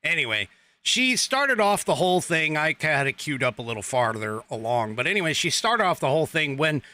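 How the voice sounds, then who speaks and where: A man's voice: fairly high pitch, big pitch swings, fairly quick, sharp tone. A man hosting a political commentary podcast in a casual, rambling way, full of fillers, restarts and sarcastic asides. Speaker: podcast host.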